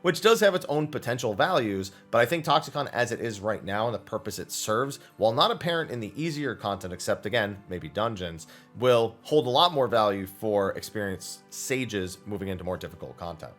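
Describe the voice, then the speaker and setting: Guy hosting a q&a, super lively up-and-down voice, explains stuff eagerly, faint music behind. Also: on the low side, a little fast, hardly any pauses. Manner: enthusiastic, explanatory, talks in long run-on thoughts. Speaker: host answering viewer questions. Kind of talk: casual Q&A explanation.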